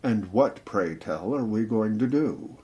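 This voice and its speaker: A man reading a novel aloud, voicing a suave middle-aged man with a rich, deep voice who quotes verse. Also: animated, measured pace, warm tone. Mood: wry.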